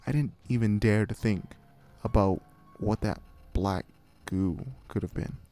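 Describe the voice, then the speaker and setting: A man giving a scripted horror story narration in a measured, hushed way. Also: lowish voice.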